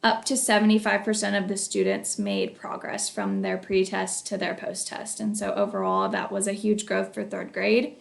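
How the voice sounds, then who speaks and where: A woman working as a school technology coach, giving a recorded capstone project presentation in an earnest, measured way with frequent fillers. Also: medium pitch, animated, vocal fry.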